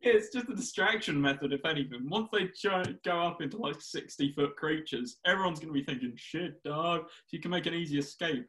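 A young man chats casually with a friend. His voice sits a little high, and he rambles through absurd jokes, often breaking into laughter. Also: quick pace, few pauses, fairly bright tone, poor audio. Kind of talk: casual chat.

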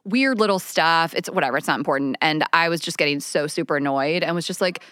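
A woman's voice: low voice, fast talker, fairly bright tone, clear, resonant tone, dry recording, studio quality. A woman co-hosting a podcast, telling stories candidly in casual chat and swearing freely. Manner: candid storytelling, frequent swearing. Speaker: podcast co-host.

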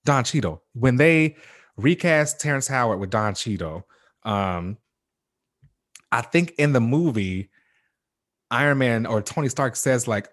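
A man's voice: mid-range voice, animated, unhurried, long pauses, fairly bright tone, no echo, clean studio sound. A man co-hosting a casual TV recap, rambling with lots of fillers and laughter. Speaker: podcast co-host.

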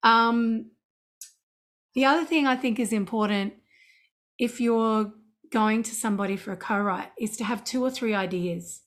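Woman, middle-aged, songwriter guest, casual interview talk, chatty and animated. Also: on the high side, moderate pace, pauses often. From Australia. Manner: chatty and animated, breaking into sung scat syllables.

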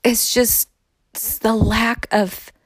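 A woman casually telling a personal story in a reflective, unhurried way, often saying "like". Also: fairly high pitch, little pitch movement, breathy edge, no echo. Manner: unhurried, reflective, heavy use of "like". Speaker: storyteller sharing her own experience.

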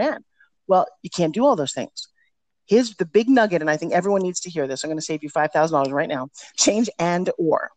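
A woman's voice: fairly low pitch, no room sound. A middle-aged woman speaks as an interview guest, telling stories with energy and emphasis. Her voice is recorded close and dry, with no room sound around it. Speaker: podcast guest, personal development teacher. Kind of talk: casual interview storytelling.

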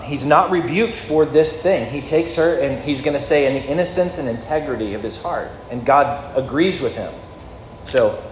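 A man's voice sits a little high for a man as he preaches, with long reverb trailing through a large hall. He talks to his listeners in a conversational way and keeps asking them questions, with a faint ambience behind him. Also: darkish tone, a little hiss or hum. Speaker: pastor. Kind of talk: sermon.

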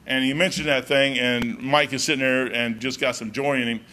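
A man's voice: mid-range voice, normal speed, slight background noise. A man preaching a folksy, storytelling sermon as pastor, peppering his talk with "man". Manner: folksy, storytelling, animated, says "man" often.

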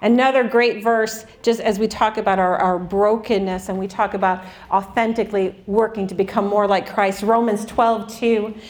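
A woman in her forties speaks at a middle pitch in an earnest, candid faith talk. She mixes sincere encouragement with self-deprecating humor about her own struggles. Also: fairly even intonation, moderate pace, few pauses, darkish tone. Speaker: Christian speaker.

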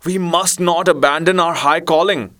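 A man's voice: a little high, fairly even intonation, moderate pace, a bit bright, pitched above the performer's own voice, natural voice. A man reading aloud, voicing a fierce grown bandit who speaks in a solemn, dramatic way. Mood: stern.

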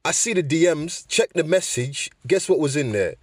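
A man's voice: a little high, expressive, normal speed, husky, dry recording, clean studio sound, voice pushed up. A man playing a heated, slangy guy. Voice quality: exclaiming, slangy, repeats "man" and "mate". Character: angry young man in a comedy skit, heated. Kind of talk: comedy skit.

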